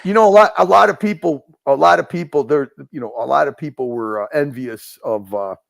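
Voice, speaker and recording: A man from Chicago's North Side with a Chicago accent, bantering on a livestream in a profane, animated way with stumbling restarts. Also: a little high, a little fast, gravelly. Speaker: livestream regular.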